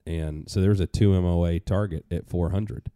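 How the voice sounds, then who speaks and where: A man talks in a relaxed, conversational way with some cursing, like a podcast host. His voice sits very low and sounds deeply dark and mellow. The recording is dry and close. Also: normal speed, smooth, no echo.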